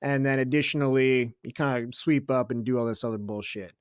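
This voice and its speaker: A man's voice: mid-range voice, clean tone, no room sound, clean studio sound. A young man co-hosting a podcast, telling a story in casual chat, swearing freely and laughing as he goes. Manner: profane, laughing storyteller doing quick voices of others. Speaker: podcast co-host.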